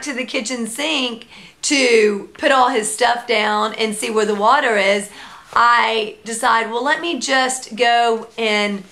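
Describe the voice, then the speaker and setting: A young woman vlogging about her baby, chatty and animated, slipping into sing-song baby talk. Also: a little high, unhurried. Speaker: mom vlogger, founder of a parenting blog. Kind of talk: casual storytelling vlog.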